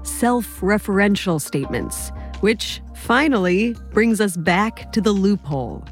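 A woman co-hosting a podcast, reading clear, scripted summaries that link the discussion. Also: medium pitch, lively intonation, unhurried, soft background music. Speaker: co-host.

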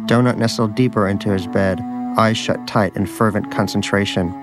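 A man's voice: lowish voice, steady tone, normal speed. A man narrating a storybook tale in a dry, wry way. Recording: narration over music.

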